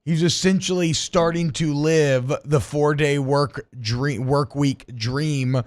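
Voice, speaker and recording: A man's voice: on the high side, steady tone, slow, darkish tone. A man hosting a sports radio show in a studio, chatting casually with many restarts and jokes. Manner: rambling, jokey, many restarts.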